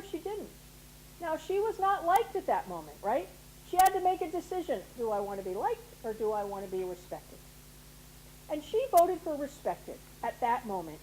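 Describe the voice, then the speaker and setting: A woman's voice: high-pitched, warm tone, a little hiss or hum, low-quality recording. A middle-aged woman giving a motivational talk to an audience, persuasive and often checking in with "right?". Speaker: guest speaker at a women's leadership program.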